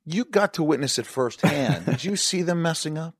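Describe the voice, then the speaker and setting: A man's voice: on the high side, lively intonation, normal speed, no echo, clean studio sound. A man hosting a podcast, asking jokey, probing questions. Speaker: podcast host. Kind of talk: casual podcast interview.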